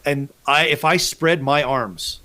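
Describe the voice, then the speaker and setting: A man's voice: on the high side, slow, pushed and bright. A man hosting a casual fishing podcast, telling rambling, profane stories about his trips. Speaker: podcast host.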